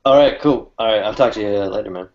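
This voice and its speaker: A man co-hosting a casual chat with a fellow cartoonist, talking in a rambling, halting way and laughing easily. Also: fairly low pitch, a little mellow, muffled recording. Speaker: cartoonist co-host.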